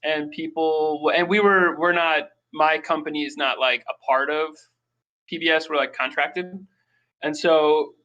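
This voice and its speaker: Man, bright tense voice, higher pitch, casual animated storytelling. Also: a little slow, dull audio. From Minnesota. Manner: animated storyteller, acts out quoted people. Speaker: podcast guest.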